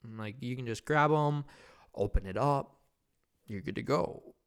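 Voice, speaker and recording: A man's voice: mid-range voice, a little slow, clean tone. A young man hosting a podcast, telling a loose, profane, rambling anecdote in casual chat. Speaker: podcast host.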